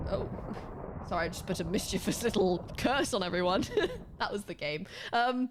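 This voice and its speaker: A woman's voice: mid-range voice, moderate pace. British woman on stream, chatty and giggly, running a little spelling lesson. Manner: chatty, laughs often, animated. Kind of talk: casual live-stream chat.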